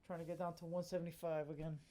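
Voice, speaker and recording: A man's voice: on the high side, little pitch movement, rapid-fire, mellow. A man in casual podcast chat, talking in a laid-back, slangy way. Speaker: podcast co-host.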